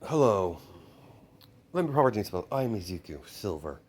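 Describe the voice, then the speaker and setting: A man voicing a cool, confident young male crime boss who talks calmly and smugly, fairly low-pitched. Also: brisk, husky.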